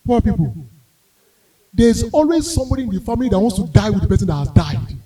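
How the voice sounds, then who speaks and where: A young Nigerian man with a Yoruba-tinged English accent doing animated stand-up storytelling, acting out characters and bursting into shouted wails. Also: sits high, fast talker, breathy edge, far from the mic, rough recording. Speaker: stand-up comedian.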